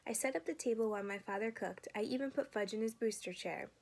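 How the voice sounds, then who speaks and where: Steady woman reading a storybook. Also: a little high, quick pace, vocal fry. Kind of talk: children's book read-aloud.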